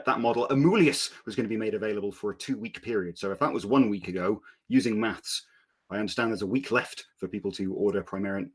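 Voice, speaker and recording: A man with a low, husky voice hosting a live preview stream. He talks quickly and smoothly, setting up each topic with polished questions. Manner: smooth, scripted-sounding questions. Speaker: stream host.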